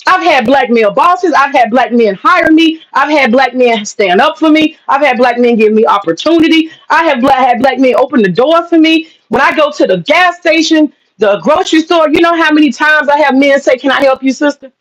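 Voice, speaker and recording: High-voiced, blunt, profane woman host. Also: moderate pace, few pauses, poor audio. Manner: blunt, profane, rhetorical questions. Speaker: commentary channel host. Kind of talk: ranting opinion commentary.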